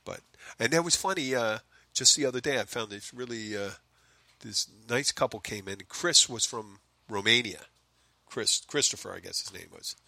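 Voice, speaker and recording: Bright, profane Philly podcast man. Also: medium pitch, normal speed, vocal fry, no echo. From Philadelphia. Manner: rambling, profane, self-mocking asides. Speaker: podcast host. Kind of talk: casual comedic monologue. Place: home in the Florida Keys.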